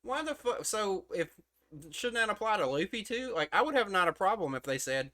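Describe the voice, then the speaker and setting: A man's voice: high-pitched, big pitch swings, moderate pace, sharp tone. A man rambling through a casual, profane comic review from his room, full of fillers and restarts. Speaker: manga chapter reviewer. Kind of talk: casual streamed commentary.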